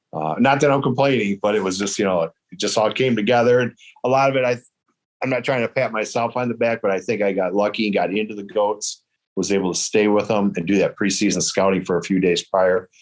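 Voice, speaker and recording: Low-voiced man telling hunting stories. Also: brisk. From Michigan. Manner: relaxed, rambling, acts out quoted voices. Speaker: guest, traditional bow hunter. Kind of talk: casual storytelling.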